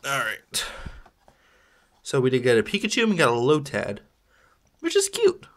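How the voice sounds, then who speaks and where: A man's voice: mid-range voice, very animated, normal speed, fairly bright tone. Male vlogger, mid-range voice, loose rambling chat with self-mocking asides. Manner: rambling, chatty, self-deprecating with small laughs. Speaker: toy unboxing vlogger. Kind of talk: casual unboxing chat.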